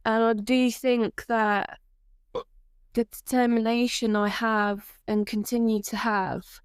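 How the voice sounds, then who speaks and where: A woman, a podcast guest, tells her story candidly and with animation, slipping into bits of remembered dialogue. Her voice is smooth, clear and somewhat high. The sound is dry and close. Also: flat delivery, slow pace, dry recording. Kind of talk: personal story in an interview.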